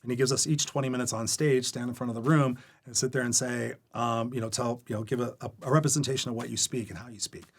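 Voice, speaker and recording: A man's voice: medium pitch, quick pace, few pauses, husky. A man being interviewed as a guest coach on a podcast, telling candid stories with energy and acting out the dialogue. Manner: energetic, candid storyteller who acts out quoted dialogue. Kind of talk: storytelling interview chat. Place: podcast recording.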